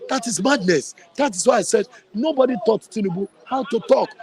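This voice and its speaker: Nigerian man, high-pitched, impassioned outdoor commentary, fiery and blunt. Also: brisk. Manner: fiery, ranting, mixes in Yoruba. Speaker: street interviewee.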